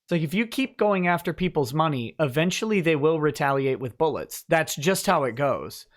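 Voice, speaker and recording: A man hosting a live-stream interview, talking in a halting way full of restarts and dropping wry jokes. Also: fairly high pitch, animated. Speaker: host.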